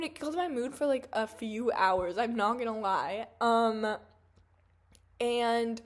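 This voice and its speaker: Chatty young woman ranting with fillers. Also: on the high side. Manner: chatty, profane, animated, lots of "like" fillers. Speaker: vlogger. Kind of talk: casual storytime rant.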